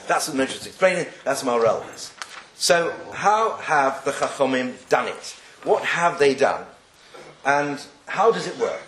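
A man's voice: on the high side, a bit bright, a little hiss or hum. A man teaching a class on Jewish texts, joking and putting rhetorical questions to his students. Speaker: Torah teacher. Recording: echoey room.

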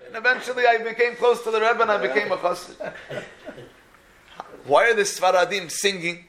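A man giving a sermon, telling stories with lively energy and acting out the people in them. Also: high voice, moderate pace, pauses often, a crowd in the background. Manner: animated storyteller who acts out the people in his stories. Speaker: speaker giving a religious talk. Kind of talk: sermon with storytelling.

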